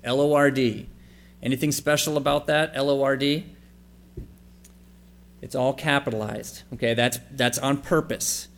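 A man's voice: medium pitch, fairly even intonation, unhurried, pauses often. A man preaching a sermon, reading scripture passages aloud and then explaining them in a conversational, questioning way. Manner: asks the congregation questions and spells out letters for emphasis. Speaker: pastor.

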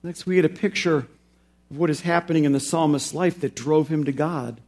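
A pastor with a high voice preaches, slowly rising with emphasis on key phrases and dropping low and quiet when he turns reflective.

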